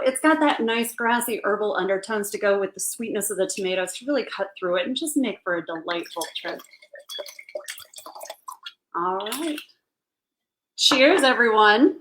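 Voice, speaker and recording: A woman's voice: mid-range voice, animated, normal speed, pauses often, fairly bright tone, slight background noise, low-quality recording. A woman chatting playfully on a livestream while pairing wine, giggly and tipsy. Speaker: wine presenter. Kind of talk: casual livestream chat.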